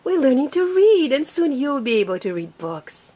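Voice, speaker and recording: A young woman patiently teaching her small child to read, sounding out each word slowly and clearly. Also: high-pitched, very animated, mellow. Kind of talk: reading lesson with a preschooler.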